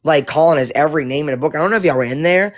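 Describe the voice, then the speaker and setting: A man giving casual commentary to his viewers, animated and profane, rambling with many restarts. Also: fairly high pitch, racing. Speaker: live-stream commentator.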